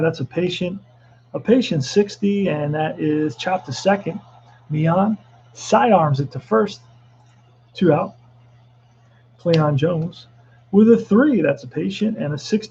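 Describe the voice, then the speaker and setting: Gravelly high-voiced man calling dice baseball. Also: lo-fi sound, slight background noise. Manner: excitable announcer calls, joking asides. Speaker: tabletop baseball replay host. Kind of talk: play-by-play commentary of a dice baseball game.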